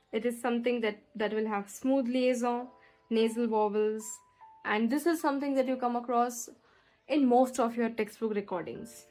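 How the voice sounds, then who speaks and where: A woman teaching French pronunciation in an online lesson, explaining clearly and slowing down to model words. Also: on the high side, poor audio.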